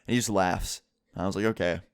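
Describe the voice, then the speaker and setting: Low-voiced young man telling a story. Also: a little fast, smooth, no room sound, studio quality. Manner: chatty, filler-heavy retelling. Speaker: vlogger. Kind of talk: casual storytime.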